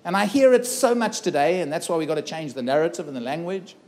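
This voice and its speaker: Middle-aged man, keynote speaker on a festival stage, fairly high voice, earnest dramatic storyteller. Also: lively intonation, fast talker, darkish tone. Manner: earnest, dramatic retelling with acted-out dialogue. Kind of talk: personal storytelling talk. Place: festival stage before a live audience.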